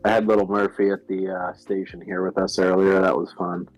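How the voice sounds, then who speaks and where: A man joining a casual chat about staying sober, reflective, often pausing to find his words. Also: sits low, level tone, no echo, faint music behind, low-quality recording.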